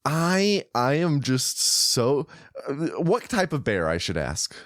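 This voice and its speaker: A man's voice: medium pitch, huge pitch swings, slow pace, a bit bright, no room sound, clean studio sound. A man co-hosting a casual movie podcast, skeptically questioning his co-host. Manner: skeptical, questioning, laughs often.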